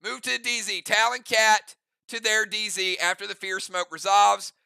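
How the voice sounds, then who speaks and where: A man's voice: sits high, level tone, moderate pace, gravelly, bright, forceful tone, smooth, dry recording. A man running an online role-play game as game master, narrating moves in a casual, chatty way with rambling asides.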